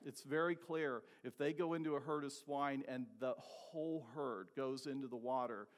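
A man preaching an expository sermon, asking rhetorical questions and slowing down to stress key words. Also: mid-range voice.

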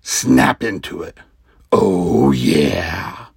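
A gruff, over-the-top wrestler pitchman, put on by a man who growls his catchphrases and stretches every word. The delivery is loud and slow, swooping between deep rumbles and high shouts. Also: animated, no echo, studio quality, heavily acted. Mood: hyped. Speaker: podcast host.

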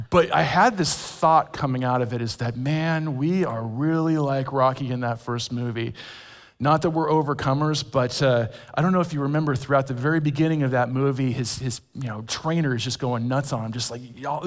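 A man's voice: a little high, fairly bright tone. A man from California preaching a sermon as a men's pastor, conversational with humorous asides. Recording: long reverb of a large hall.

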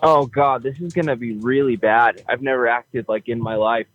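A man's voice: medium pitch, steady tone, normal speed, no echo. A man on a phone call, talking hesitantly with many stammers and restarts. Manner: hesitant, stammering, laughs nervously. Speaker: caller. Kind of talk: phone interview. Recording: tinny phone line.

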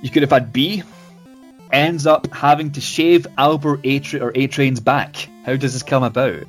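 Laughing, halting male podcast host. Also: mid-range voice, fairly even intonation, faint music behind. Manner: laughing, halting, repeats words. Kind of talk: casual podcast chat.

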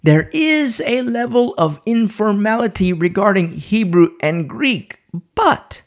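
Male Bible teacher with a sore throat, lively swooping delivery, restarts often. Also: sits high, takes it slowly. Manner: animated, repeats words and restarts often. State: sore throat, pausing to sip coffee. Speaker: preacher.

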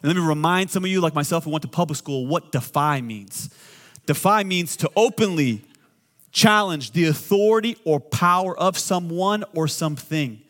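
Joking pastor preaching a sermon. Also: male voice, fairly high pitch, normal speed. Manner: joking asides, swings between loud and quiet.

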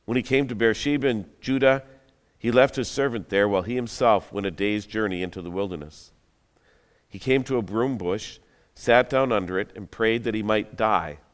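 A man's voice: lowish voice, normal speed. A man preaching a sermon, retelling a story in a conversational, dramatic way with joking asides. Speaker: pastor. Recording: long hall reverb.

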